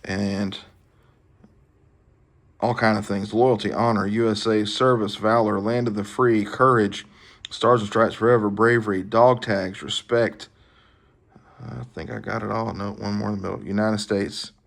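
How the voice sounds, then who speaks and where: A man talks through his latest mail haul in an easygoing, folksy manner. His voice sits a little low. The delivery is casual and unhurried, like a hobbyist chatting to his viewers. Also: steady tone, vocal fry. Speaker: knife collecting channel host. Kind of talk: casual show-and-tell vlog.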